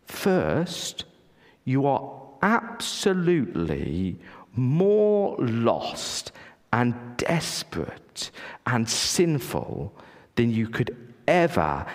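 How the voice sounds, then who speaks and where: A man's voice: medium pitch, wildly swooping pitch, very slow, long reverb tail. A man preaching a sermon as a pastor, earnest and conversational, with many asides and restarts.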